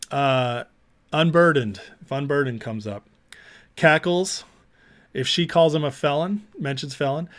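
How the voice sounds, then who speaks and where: A man hosting a casual livestream, chatting loosely and reading out viewer comments as he goes. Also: on the high side. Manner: chatty, reads out viewer comments and laughs along. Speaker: livestream host.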